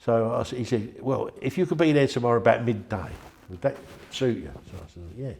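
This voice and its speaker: Older man, gravelly storyteller. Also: medium pitch, fairly quick, darkish tone. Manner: rambling, chatty, acts out quoted voices. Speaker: interviewee. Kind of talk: anecdotal storytelling.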